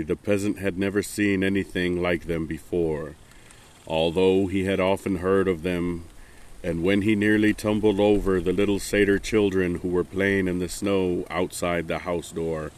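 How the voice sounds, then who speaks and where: A man narrates a storybook fable in a measured, even manner. His voice is notably deep and low, suited to a calm bedtime reading.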